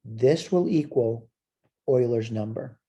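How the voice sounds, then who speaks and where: A man's voice: mid-range voice, slow pace, dark tone, slightly rough, lo-fi sound. A man teaching a recorded college math lecture. He asks questions and answers them himself, and he repeats short phrases as he points things out on the board.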